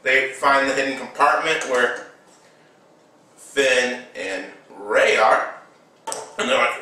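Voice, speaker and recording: Rambling man, bright voice, echoey room. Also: medium pitch, takes it slowly, pauses often, far from the mic. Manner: rambling, lots of "like". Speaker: film recapper. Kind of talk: casual toy-figure movie recap.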